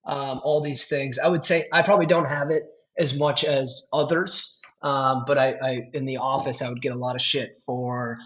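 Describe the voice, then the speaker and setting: With a mid-range voice, normal speed and few pauses, a Minnesota man with a Minnesotan accent spins stories as a podcast guest in casual chat. He's animated, laughs often and keeps restarting, all captured in dull lo-fi sound.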